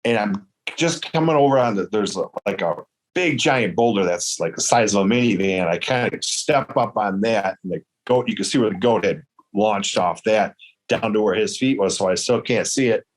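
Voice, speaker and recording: Guy from michigan, kinda low voice, chatty storyteller who does all the voices himself. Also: normal speed. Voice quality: hard of hearing in one ear. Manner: animated, quotes dialogue in raised voice. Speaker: guest storyteller. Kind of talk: casual storytelling.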